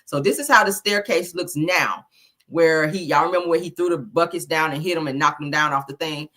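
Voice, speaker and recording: A woman's voice: deep voice, a little fast, a bit bright. A woman hosting a gossip channel, chatting casually and gushing, calling her viewers honey and child. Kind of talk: casual commentary.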